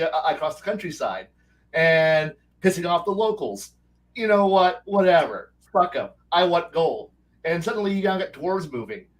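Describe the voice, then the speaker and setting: Man, podcast guest, rambling and animated, somewhat high voice, a bit off-mic. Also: recorded from a distance, rough recording. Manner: rambling with many false starts and restarts; animated, breaks into quick character voices. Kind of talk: casual chat.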